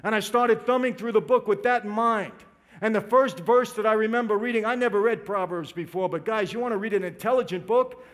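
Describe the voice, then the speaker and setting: A man's voice: high voice, steady tone, brisk, a bit bright. A man giving an emotional religious testimony, speaking straight to his audience and calling them "people". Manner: emotional, direct, addresses listeners as "people".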